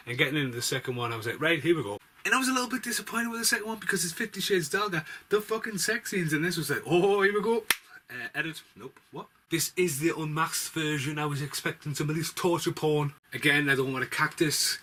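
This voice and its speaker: A man's voice: on the high side, expressive, quick pace, hardly any pauses, pushed and bright, slight background noise. A man reviewing movies in casual, rambling chat, swearing freely as he goes.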